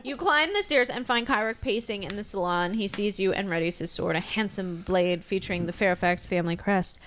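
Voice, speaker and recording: A woman's voice: medium pitch, brisk, hardly any pauses, a bit bright, slight background noise. A woman reading a gamebook aloud to friends, breaking off for joking asides. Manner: joking asides between narration. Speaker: reader and game narrator.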